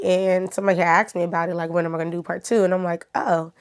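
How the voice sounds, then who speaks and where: A woman's voice: fairly low pitch, flat delivery, fairly quick, darkish tone, clean tone. A woman YouTuber chatting casually to her viewers while telling a personal story. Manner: chatty, talks straight to viewers.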